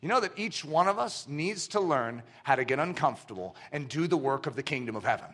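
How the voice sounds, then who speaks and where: A man preaching a sermon as pastor in a church, animated and acting out the voices he quotes. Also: on the high side, a little fast, hardly any pauses. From United States.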